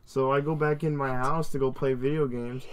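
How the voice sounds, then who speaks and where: A man's voice: mid-range voice, fairly even intonation, normal speed, clear, resonant tone. A man telling crude stories on stream. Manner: profane anecdotal storytelling. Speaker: co-host. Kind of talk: casual livestream chat.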